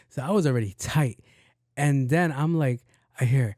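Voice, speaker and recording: A man's voice: medium pitch, normal speed, no echo, studio quality. A man hosting a podcast, telling a story in a casual, profane way and acting out the other people's lines. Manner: animated, profane, acts out voices in his story. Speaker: podcast host.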